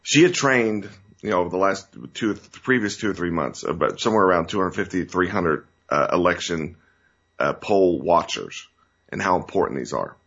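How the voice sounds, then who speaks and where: A man's voice: low voice, expressive, moderate pace, fairly bright tone, slightly rough, dull audio. A man hosting a political talk show, talking earnestly in a rambling way that turns emotional. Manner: earnest, rambling, restarts and gets choked up. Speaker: show host.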